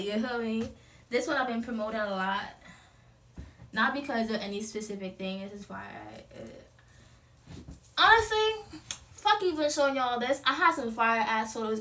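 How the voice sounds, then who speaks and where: With a fairly high, slightly bright voice, this young woman gives a casual motivational talk to camera from home, all about confidence. She's a vlogger promoting her clothing brand, slangy, profane and playful, laughing often. A little hiss or hum can be heard.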